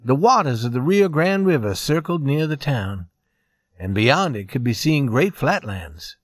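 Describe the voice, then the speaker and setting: A man reading a western story aloud in a measured, expressive narration. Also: mid-range voice, no room sound, clean studio sound.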